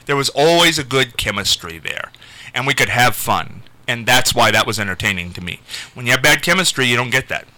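A man's voice: fairly quick, dry recording, poor audio. A man hosting a radio talk show, telling a story in casual chat and jumping his voice up when quoting people. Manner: animated storyteller, jumps pitch for quotes. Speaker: radio host.

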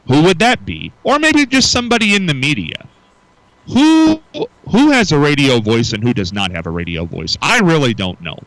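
Lively-voiced radio host, bright and dry. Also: male voice, medium pitch, dry recording, low-quality recording. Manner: musing, repeats words when restarting. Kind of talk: casual morning radio talk.

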